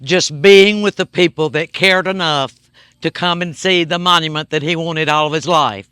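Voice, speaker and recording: A woman's voice: sits low, fairly even intonation, moderate pace, a bit bright, slight background noise. A woman giving emotional, heartfelt remarks to fans at a memorial. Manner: tearful, heartfelt. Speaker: widow speaking at a memorial.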